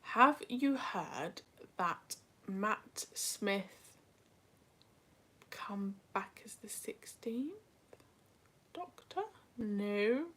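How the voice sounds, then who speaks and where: A woman's voice: medium pitch, gravelly, fairly bright tone. A young British woman hosting a casual livestream, reading chat and talking with self-deprecating asides. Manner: chatty, self-deprecating, drifts into whispers.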